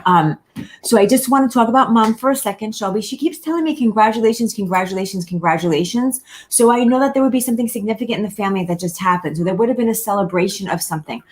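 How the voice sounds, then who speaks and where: A woman giving a live online reading as a medium, addressing viewers by name, repeating key words and reassuring them gently. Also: on the high side, rapid-fire.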